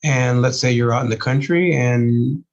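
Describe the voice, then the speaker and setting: At a normal speed and mid-range pitch, a husky man with a Texan-Spanish accent lectures casually to the camera, alone indoors. He meanders, fills pauses constantly, and is losing his voice. The camera mic yields lo-fi sound.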